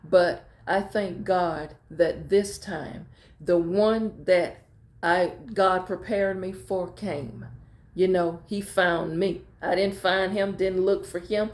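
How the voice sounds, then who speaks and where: Low-voiced woman pastor telling stories. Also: fairly even intonation, slow pace, darkish tone, reverberant. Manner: heartfelt storytelling, repeats phrases for emphasis; colloquial, informal grammar. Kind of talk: casual personal talk to viewers.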